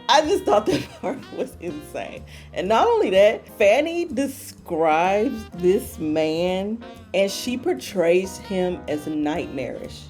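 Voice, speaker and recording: A woman's voice: medium pitch, very animated, slow pace, darkish tone, faint music behind. A woman hosting a book talk, retelling a story in a casual, playful way and repeating phrases for emphasis.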